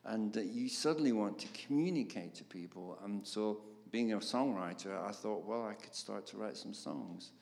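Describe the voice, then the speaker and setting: An older man, a songwriter telling his story in an interview, animated and laughing, with many fillers. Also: on the low side, normal speed, creaky, few pauses. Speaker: guest songwriter. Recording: roomy reverb, faint background noise.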